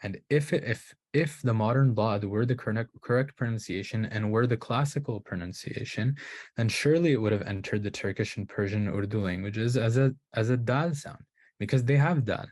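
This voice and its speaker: This Qur'an recitation teacher lectures on pronunciation at a moderate pace, his voice fairly low and a little mellow. He reasons out loud, restarts phrases and keeps checking in with listeners by asking "right?".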